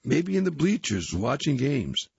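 A man's voice: medium pitch, big pitch swings, unhurried, vocal fry, a little mellow, slightly rough, dry recording, lo-fi sound, pitched above the performer's own voice, full character voice. A man voicing a friendly, scarred old male former hockey player in a read-aloud story, in an easygoing manner.

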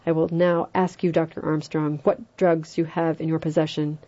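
A calm, precise elderly judge, read by a woman narrator in a low, dark voice. He speaks formally and without haste, each word weighed. The audio is slightly dull and lo-fi. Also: lightly acted. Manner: measured, formal, unhurried.

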